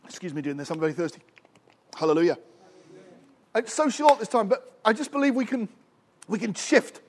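A middle-aged man delivers a sermon in a strikingly high voice. He preaches with fervor, swells to shouting at his peaks, and keeps asking the congregation for an amen. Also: big pitch swings, brisk, slight background noise. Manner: impassioned, rising to shouts with frequent "Amen?" calls.

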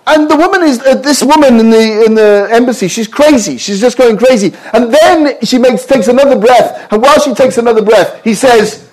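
A man's voice: high-pitched, animated, normal speed, darkish tone, husky. A middle-aged man preaching a sermon to a congregation, telling stories playfully and firing questions at the audience. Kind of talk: sermon with storytelling.

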